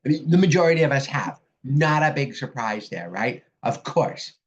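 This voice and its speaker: Upbeat woman life coach, lively pitch, presenting a workshop over dull video-call audio. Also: moderate pace. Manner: upbeat, animated and folksy.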